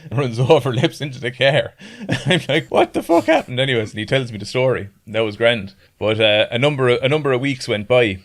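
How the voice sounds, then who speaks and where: A man's voice: medium pitch, a little fast, hardly any pauses. An Irish man telling a rambling story in casual chat, swearing often and laughing along as he goes. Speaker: podcast guest.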